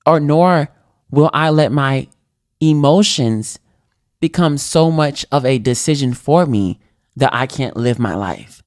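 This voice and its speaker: A man talks straight into a close microphone, hosting his own podcast in an earnest, reflective tone. His pitch sits in the middle of the male range but swings up and down with feeling. The sound is dry, with no room echo. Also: animated, slow pace, a little mellow. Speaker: podcast host. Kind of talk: solo motivational talk.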